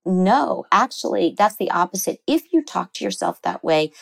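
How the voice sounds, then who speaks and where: A woman psychotherapist talking in an interview, animated and explaining ideas, often slipping into quoted voices. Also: medium pitch, moderate pace, vocal fry. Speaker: psychotherapist guest. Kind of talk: conversational interview.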